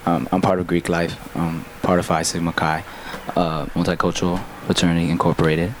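Laid-back low-voiced young man. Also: flat delivery, fairly quick, slight background noise. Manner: laid-back, many fillers and restarts. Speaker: musician guest. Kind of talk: casual storytelling.

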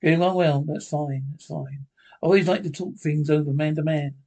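A man's voice: a little high, fairly even intonation, brisk, creaky, darkish tone. A man playing a nosy, pushy off-duty cop neighbor, in folksy 1930s radio acting. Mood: blustering. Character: nosy Irish beat cop neighbor, blustery.

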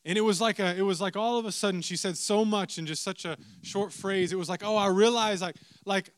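Young pastor guy preaching, kinda high voice, chatty asides, dry close sound. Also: fast talker, no echo. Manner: animated storytelling with repeated asides. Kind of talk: sermon.

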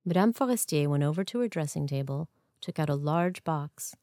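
A woman narrating a story in a measured, even storytelling manner. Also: low voice, no room sound. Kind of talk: scripted narration. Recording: dry close studio sound.

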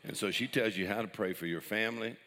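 Older man, low, joking pastor. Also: fast, bright, forceful tone, in a large hall. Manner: joking, chuckles at his own jokes. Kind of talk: sermon with jokes.

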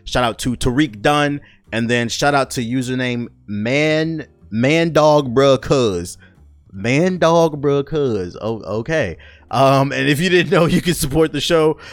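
A man's voice: medium pitch, a bit bright, no echo. A man hosting a casual solo podcast, joking and ranting with lots of swearing and restarts. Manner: profane, joking, rambling with restarts. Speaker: podcast host.

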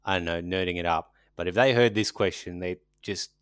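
A man's voice: low-pitched, a little fast, smooth, no echo, clean studio sound. A man chatting casually as a podcast co-host, rambling and joking, often trailing off mid-sentence. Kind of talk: casual chat.

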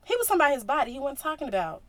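A woman hosting a casual faith podcast, talking in slang and acting out Bible scenes with big jumps in loudness. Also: high-pitched, racing. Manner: animated, slangy, acts out quotes with big swings in loudness. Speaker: podcast host.

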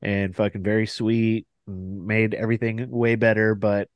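A man's voice: on the low side, little pitch movement, a little slow, dry recording, muffled recording. Brief: male podcast guest, laughs often, acts out each person in his story, dry close mic. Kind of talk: casual chat.

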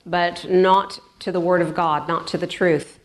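Lower-voiced woman preaching conversationally. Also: flat delivery, measured pace. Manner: conversational, repeats words for emphasis. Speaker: pastor. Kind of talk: sermon. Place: church.

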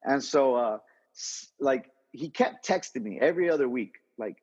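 Husky-voiced man telling a rambling story. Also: mid-range voice, moderate pace, long reverb tail. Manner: animated, rambling, lots of restarts and slang. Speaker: interview guest, entrepreneur. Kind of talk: casual storytelling. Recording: dull lo-fi audio.

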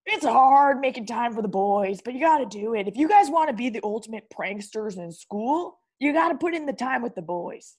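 Brash teen prankster boy voiced by a woman, husky and fairly high, calls everyone bro. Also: animated, moderate pace, hardly any pauses. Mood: boastful. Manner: slangy, boastful, calls people bro. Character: brash cocky teenage boy breakdancer and prankster. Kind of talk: improv comedy interview.

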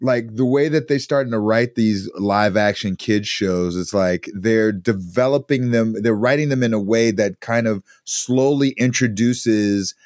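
A man in his thirties co-hosting a casual podcast chat, animated and rambling, laughing often. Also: lowish voice, a little slow, few pauses, no room sound, studio quality. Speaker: podcast co-host.

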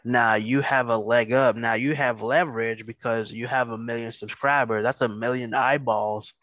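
A laid-back man hosting a podcast, speaking at a middle pitch with plenty of fillers and restarts. His voice comes through dull and muffled over a video call, in a dry, close sound. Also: fairly even intonation, normal speed, no room sound. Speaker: podcast host. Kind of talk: casual chat.

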